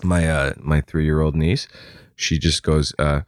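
A man's voice: a bass voice, steady tone, slow, no echo, clean studio sound. A man, a comedian guest, telling stories in casual conversation. He acts out voices and laughs often.

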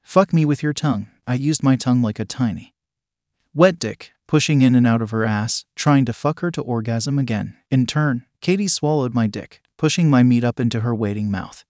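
A man's voice: mid-range voice, normal speed, a little mellow, no room sound, clean studio sound. Man reading a first-person story. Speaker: story narrator. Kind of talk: first-person fiction narration.

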